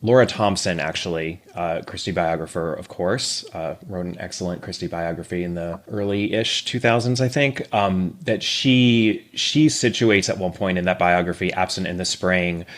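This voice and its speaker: A man's voice: sits low, moderate pace, hardly any pauses. A man talking animatedly as a podcast guest in a casual book discussion. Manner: animated, acts out quoted characters.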